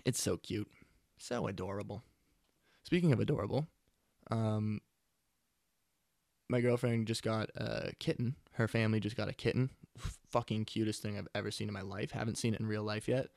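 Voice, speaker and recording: Gravelly young guy rambling casually. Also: fairly low pitch, fairly even intonation, a little fast, no room sound, studio quality. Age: 20s. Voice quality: profane, laid-back and chatty. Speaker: podcast host. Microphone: close studio mic.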